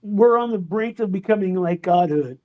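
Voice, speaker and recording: A man's voice: sits high, moderate pace, phone-quality sound. A man in his fifties co-hosting a casual podcast chat with wry quips. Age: 50s. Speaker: podcast co-host.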